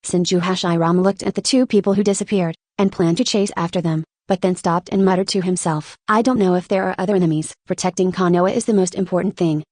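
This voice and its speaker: A woman narrating an audiobook in an even, unhurried reading voice, reading every character's lines alike. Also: on the low side, no room sound, studio quality.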